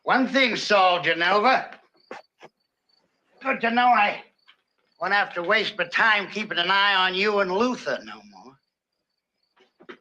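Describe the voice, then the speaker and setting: An actor playing a harsh, taunting plantation overseer in a film, giving orders with scorn. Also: male voice, high-pitched, animated, slow, long pauses, pushed and bright, full character voice, rough recording. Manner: taunting, bossy.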